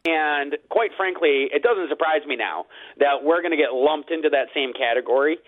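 A man's voice: on the high side, moderate pace. A man who owns a restaurant, speaking as a radio guest with frustrated sarcasm, heard over a phone line. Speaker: restaurant owner.

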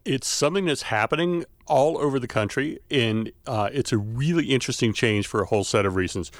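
A man's voice: mid-range voice, a little fast, no room sound. Professorial man explaining, lots of ums. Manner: explanatory, many uh fillers. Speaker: linguistics professor guest. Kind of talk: expert explaining on radio. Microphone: studio microphone.

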